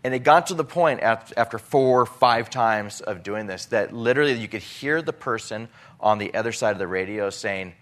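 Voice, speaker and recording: A man's voice: lowish voice, moderate pace, fairly bright tone. A middle-aged man telling an emotional personal testimony about relief work, with many restarts and acted-out dialogue.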